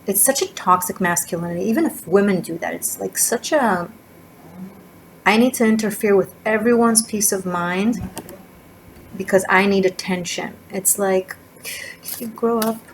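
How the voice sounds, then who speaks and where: Poor audio captures a medium-pitched woman speaking at normal speed during a casual tarot reading. She rambles chattily, drifts between topics, and uses lots of fillers, while faint sirens and motorcycle noise come from the street outside the room.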